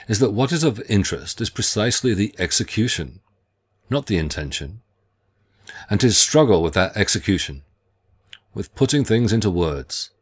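A middle-aged man reading a scripted literature lecture in a measured, deliberate way, with careful phrasing. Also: deep voice, breathy edge.

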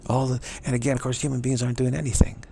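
A man's voice: mid-range voice, level tone, very fast, creaky, noisy background. A man giving a playful, rambling spiritual teaching, laughing often as he talks.

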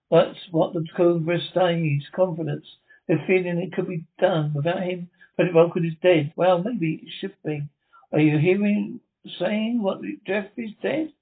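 A man reading the part of a loving, anxious wife, speaking tenderly and pleading. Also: high voice. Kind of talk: amateur script reading. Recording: tinny phone-like sound.

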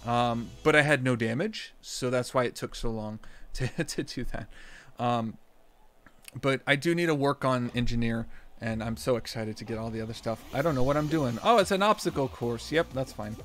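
A man streaming a game, rambling with lots of fillers and restarts, then bursting into shouts and laughs. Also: medium pitch, normal speed. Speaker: gaming streamer. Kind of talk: live gameplay commentary.

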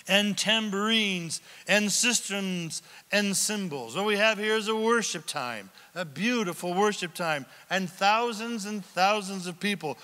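A male pastor preaching a sermon, reading scripture aloud and asking the congregation questions, swinging from near-shouts down to whispers. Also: sits high. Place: church sanctuary. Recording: long hall reverb.

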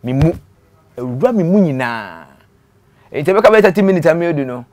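A man with a Ghanaian accent telling his story in an interview, dropping to quiet trailing phrases and slipping in English words. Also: on the high side, lively intonation, a little fast. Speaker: interview guest.

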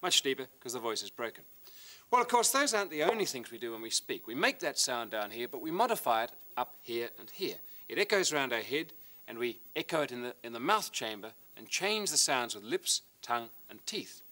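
A man's voice: medium pitch, fairly quick. A middle-aged man presenting a science lesson, explaining and demonstrating with a model as he talks. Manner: lively, hands-on demonstrator.

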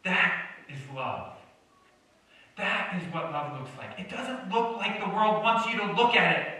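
A young man preaches in a high, expressive, sharp voice at a measured pace, joking with the congregation and drawing their replies. He's a pastor, recorded from a distance in an echoey church sanctuary.

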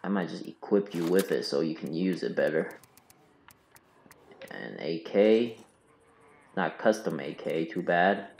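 A man's voice: low-pitched, a little slow, gravelly, pauses often, darkish tone, slight background noise. A man hosting a casual let's-play, thinking aloud to his viewers in a mumbly way. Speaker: gaming channel host. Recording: roomy room sound, faint game music. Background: faint game music.

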